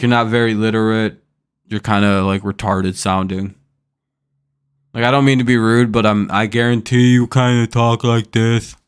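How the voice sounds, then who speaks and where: A man's voice: lowish voice, clean tone. A young man hosting a casual live stream, first reading news, then ranting in an irritated, profane way at a viewer in the chat. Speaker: streamer host.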